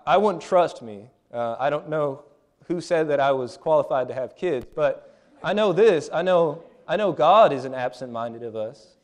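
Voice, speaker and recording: A man in his thirties delivers a sermon with earnest conviction. His voice sits a little high for a man. He speaks plainly and often restarts phrases mid-thought. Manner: earnest, plain-spoken, with frequent restarts and fillers. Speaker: preacher.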